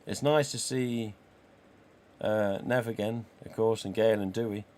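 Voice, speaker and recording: A man's voice: fairly low pitch, steady tone, unhurried, a little mellow, slight background noise. A man in his forties with an English accent, hosting a casual live stream and chatting, swearing freely, and acting out the dialogue he quotes. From England. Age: 40s.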